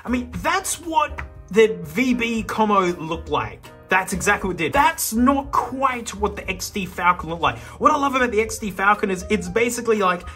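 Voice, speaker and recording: Excitable Australian man, laughing a lot. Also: high-pitched, normal speed, faint music behind. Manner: laughing, excitable, jokey asides. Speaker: YouTube host. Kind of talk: casual commentary while flipping through an old car magazine.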